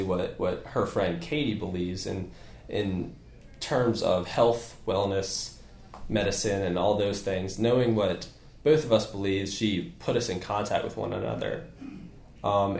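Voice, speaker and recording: A man who owns a physical therapy clinic, talking as a guest in a casual podcast interview, energetic and rambling with many fillers and restarts. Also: lowish voice, reverberant.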